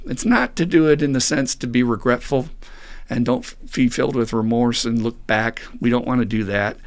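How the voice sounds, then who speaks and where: A man's voice: mid-range voice, moderate pace. Man, middle-aged, podcast host, earnest, reflective monologue, quotes people. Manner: earnest, musing, acts out quoted voices. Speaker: podcast host and recovery group counselor.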